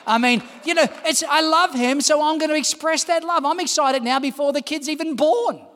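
Fired-up pastor guy in his 50s preaching, really high voice, big echo from the church hall. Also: normal speed, few pauses. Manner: impassioned, rising to shouts, calls to the congregation. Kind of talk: sermon.

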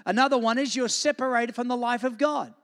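Male pastor, very high voice, sermon, asks for amens, long hall reverb. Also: fairly quick. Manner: preaching with call-and-response asks for amen. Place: church.

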